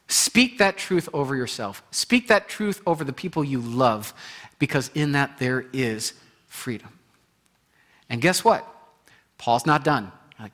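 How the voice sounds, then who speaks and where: A man preaching a sermon in an animated way, acting out inner voices and repeating phrases for emphasis. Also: fairly high pitch, moderate pace. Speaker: pastor.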